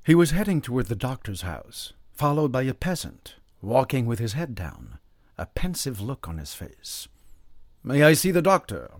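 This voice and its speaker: Husky male audiobook narrator. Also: mid-range voice, very animated, moderate pace, darkish tone, dry recording, studio quality. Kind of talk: scripted narration of a classic novel.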